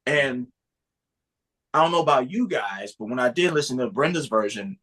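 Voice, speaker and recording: A man's voice: mid-range voice, expressive, moderate pace, fairly bright tone. Man musing hesitantly about music. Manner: thoughtful, hesitant, full of "like" and "you know". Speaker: podcast co-host. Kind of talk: casual music discussion.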